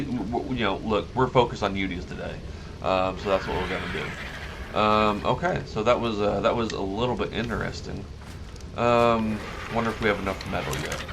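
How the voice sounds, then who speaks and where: A man's voice: fairly low pitch, creaky. A man giving casual let's-play commentary, rambling and correcting himself as he goes, easily amused by what happens in the game. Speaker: gaming YouTuber. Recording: noticeable background noise.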